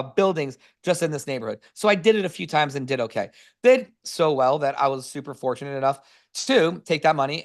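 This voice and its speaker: A man telling casual stories about real estate investing in a webinar, energetic and full of "like" fillers, on a video call. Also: a little high, gravelly. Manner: energetic, filler-heavy, says "like" constantly. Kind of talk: casual storytelling presentation.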